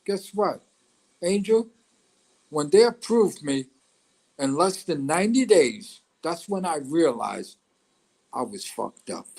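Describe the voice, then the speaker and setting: A middle-aged man as a guest, telling a story in a blunt, animated way with swearing. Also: on the high side, slow, pauses often, rough recording. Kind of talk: casual storytelling.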